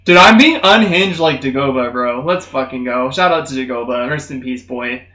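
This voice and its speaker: A young man streaming, telling rambling comedic stories in casual chat, swearing constantly and saying "dude" a lot. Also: moderate pace. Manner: does loud high-pitched mocking voices in stories. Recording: roomy, slightly muffled stream audio.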